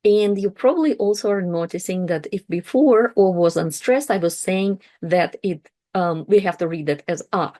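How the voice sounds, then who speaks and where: A woman teaching pronunciation, saying each word twice slowly and clearly before explaining it in plain words. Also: lowish voice, warm tone. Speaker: language teacher. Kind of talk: slow pronunciation lesson.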